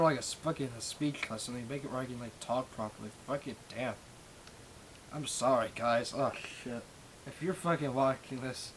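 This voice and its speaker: A man's voice: mid-range voice, a little fast, fairly bright tone, a little hiss or hum, poor audio. Swearing man with a slight speech impediment. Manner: profane, rambling, self-deprecating. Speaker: Minecraft server staff streamer. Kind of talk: casual live-stream rant. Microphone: webcam microphone.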